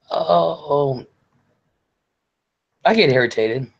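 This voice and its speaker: A man's voice: medium pitch, slow pace, pauses often, darkish tone, dull audio. A man, hosting a live-stream chat, rambling, sighing and reading viewer comments aloud with jokes. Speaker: show host.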